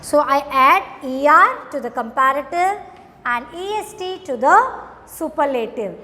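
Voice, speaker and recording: A woman teacher talks high and unhurried, stretching each word for her young pupils. Her voice rings with a long echo in the room. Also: animated, sharp tone. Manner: slow, drawn-out, addresses children often. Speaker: school teacher. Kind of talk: recorded grammar lesson for children.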